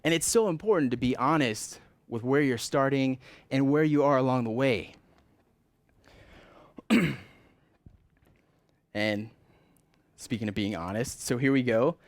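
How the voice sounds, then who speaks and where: A man's voice: mid-range voice, measured pace, long pauses, no room sound. A man preaching a sermon in an earnest, conversational way, stressing points with rising emphasis.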